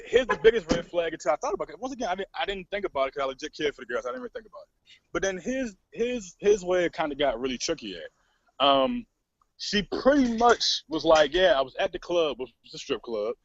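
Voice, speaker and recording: A man co-hosting a podcast, telling a story in casual chat, cursing freely and animated. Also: sits high, brisk, creaky. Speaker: podcast co-host. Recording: dull lo-fi podcast recording.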